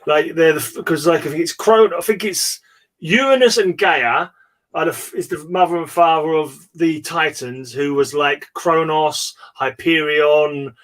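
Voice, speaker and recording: A man's voice: a little high, measured pace, a bit bright. A man hosting a casual online chat, telling stories in a rambling way, with many restarts and fillers and frequent laughter. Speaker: host. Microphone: remote call.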